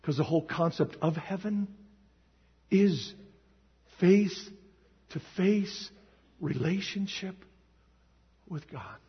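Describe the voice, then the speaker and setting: Man, pastor, high husky voice, emphatic and emotional; echoey hall, dull recording. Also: animated, slow pace, long pauses. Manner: emotional, emphatic, swings to shouting. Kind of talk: sermon.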